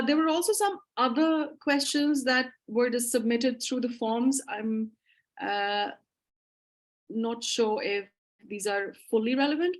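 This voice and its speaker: A woman co-hosting a live online English class, talking in a chatty, friendly way with filler words. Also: on the high side. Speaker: co-host and English instructor.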